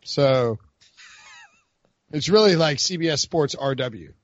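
A man chats as the host of a sports podcast, talking loosely and often restarting his sentences. His voice sits a bit high, and the sound is dry and slightly muffled, like a remote call. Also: expressive, slow, no room sound. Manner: rambling, self-interrupting. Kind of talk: casual sports podcast chat.

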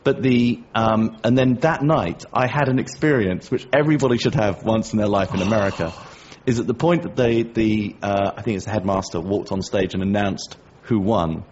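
A middle-aged English man co-hosting a podcast, telling a story in a lively, self-mocking way. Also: lowish voice, moderate pace, husky. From England. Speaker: podcast co-host. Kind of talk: casual chat. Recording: dull lo-fi podcast audio.

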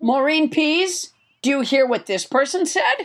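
A woman with a high, very expressive voice hosts a comedy podcast. She is wry and playful, stammering a little as she works toward the joke. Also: a little slow. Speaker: podcast host. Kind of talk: casual comedic podcast banter.

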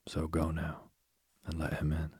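A man voicing a stern old king and father in a measured storybook reading. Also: a bass voice, completely flat delivery, darkish tone, husky, dry recording, studio quality, exaggerated voice.

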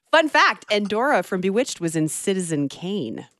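A woman's voice: lowish voice, a bit bright, no echo. Radio co-host woman, wry, amused, very dry close sound. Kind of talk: relaxed radio banter.

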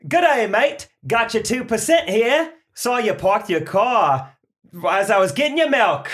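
A man doing a put-on Australian accent for a loud, cheery milkman character. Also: very high voice, animated, measured pace, pitched above the performer's own voice, full character voice. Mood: chirpy. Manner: loud, chirpy, exaggerated. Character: cheery Australian milkman who moved to Boston.

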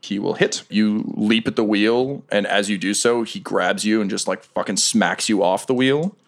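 Give me a relaxed, laughing male game master with a lowish voice. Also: moderate pace, creaky, background noise. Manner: relaxed, laughing often, frequent fillers. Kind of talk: narrating a tabletop game.

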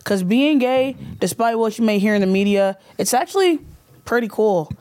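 A woman's voice: on the high side, lively intonation, normal speed, darkish tone, no echo. Playful young woman hosting a podcast.

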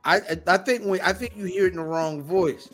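A man co-hosting a podcast in casual chat, loud and exclaiming, laughing and swearing. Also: high-pitched, brisk, faint music behind. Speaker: podcast co-host.

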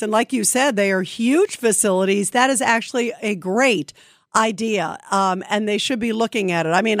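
A woman's voice: a little high, dry recording, clean studio sound. A woman hosting a call-in radio talk show, chatting with callers in a conversational way with plenty of fillers. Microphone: studio microphone.

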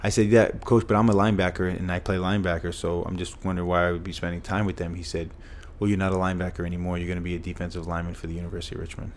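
Brief: middle-aged man, very low voice, earnest storyteller, faint hiss behind. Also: little pitch movement, very fast, hardly any pauses. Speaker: guest. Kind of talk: storytelling in a podcast interview.

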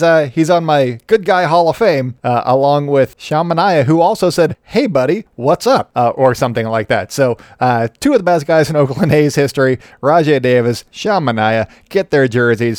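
A man's voice: mid-range voice, darkish tone, no echo, studio quality. A man hosting a solo sports podcast in a chatty, joking and self-deprecating way. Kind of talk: casual solo podcast commentary.

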